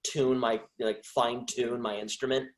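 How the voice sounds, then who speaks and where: Halting male voice actor guest. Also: mid-range voice, flat delivery. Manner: halting, with frequent restarts and trailing phrases. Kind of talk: casual interview chat.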